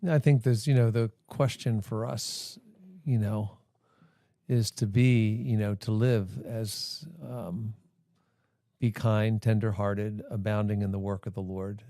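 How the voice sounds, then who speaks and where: A man's voice: fairly low pitch, fairly even intonation, takes it slowly, mellow, dry recording, clean studio sound. A man hosting a casual faith podcast, talking reflectively with many fillers. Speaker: podcast host.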